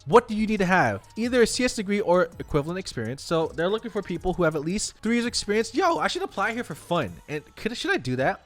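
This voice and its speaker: Young guy streaming to chat, kinda high voice, super animated and excitable, faint music in the back. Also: quick pace, few pauses. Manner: excitable, exclaiming and talking to chat. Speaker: streamer and web developer. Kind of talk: live stream chat, reacting to salary data.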